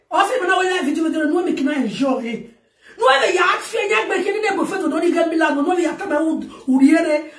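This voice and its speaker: A woman with a Nigerian accent delivering a loud, laughing, shouting rant as a talk show host. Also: very high-pitched. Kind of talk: ranting monologue. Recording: echoey, far from the mic.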